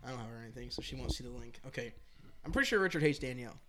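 A man's voice: mid-range voice, animated, rapid-fire, a loud crowd. A young man co-hosting a casual podcast, rambling and laughing often as he retells stories about friends. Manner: rambling, laughs a lot, mimics friends in quotes. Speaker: podcast co-host. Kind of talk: casual chat.

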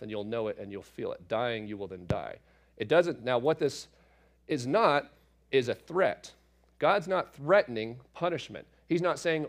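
A man, a father, teaching through a Bible passage in a relaxed, conversational way, with asides and fillers as he explains. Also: medium pitch. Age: adult parent.

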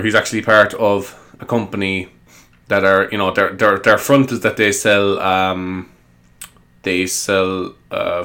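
A man pitching silly movie ideas in a rambling, comedic monologue, laughing often and piling up fillers. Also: sharp tone. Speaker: comedy vlogger.

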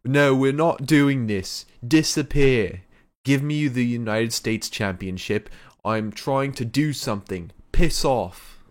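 A man doing a loud British-accented impression of an angry, foul-mouthed male wrestler demanding a title. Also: mid-range voice, slow pace, pitched above the performer's own voice, natural voice. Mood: dismissive. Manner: shouting, taunting, cursing.

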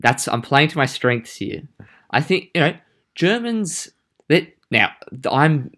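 A man co-hosting a casual chat, playful and quick to laugh. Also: a little high, sing-song, sharp tone. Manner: playful, laughs often, tries out put-on accents badly. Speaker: podcast co-host.

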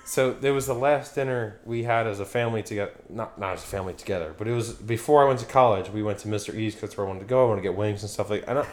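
A young podcast host from Pennsylvania chats casually with a lowish, darkish voice, racing along with few pauses. He rambles, swears, and loses his train of thought.

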